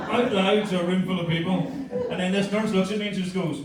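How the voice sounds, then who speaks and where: Heard from far off in an echoey club with heavy background noise and audience laughter, a middle-aged man from Northern Ireland rattles through crude, self-deprecating stand-up. He talks fast in a high-pitched, steady voice with a Northern Irish accent.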